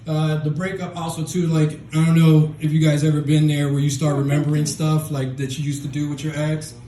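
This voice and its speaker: Deadpan stand-up comic, man, mellow dark voice, rambling self-deprecating delivery, echoey small club with faint hum. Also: on the high side, brisk. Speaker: stand-up comedian. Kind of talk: open-mic stand-up set.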